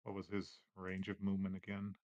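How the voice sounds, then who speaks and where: A man with a fairly low voice runs a tabletop game as its game master. He narrates in a relaxed way and laughs easily. The recording is dry and close. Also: a little fast, no echo, lo-fi sound.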